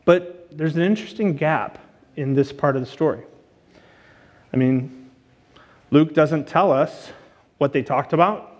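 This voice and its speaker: Chatty preacher in a reverberant church. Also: male voice, fairly high pitch, a little slow, pauses often. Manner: chatty, many fillers and asides. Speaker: guest teacher. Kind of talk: casual sermon. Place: church auditorium.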